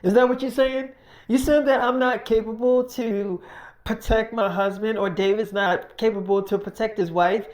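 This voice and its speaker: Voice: mid-range voice, fairly even intonation, moderate pace, a little mellow, voice pushed up, close to an everyday voice. A storyteller voicing a defiant young woman survivor who answers back indignantly in an improvised tale.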